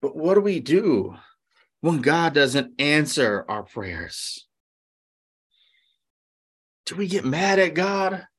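A man preaching a sermon with a fairly high voice. He keeps it conversational, poses rhetorical questions, and briefly slips into the voices of the people he quotes. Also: big pitch swings, slow, long pauses, husky. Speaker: pastor.

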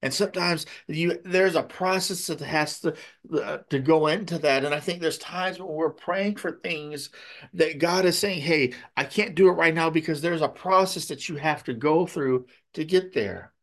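Man preaching in a slightly high voice. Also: moderate pace. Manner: tags points with "okay?", storytelling. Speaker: pastor. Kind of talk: conversational sermon.

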